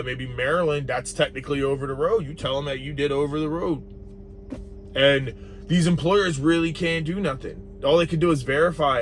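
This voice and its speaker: A man's voice: medium pitch, fairly bright tone, slight background noise. A young adult man, a truck driver, talking bluntly and profanely in a casual vlog monologue.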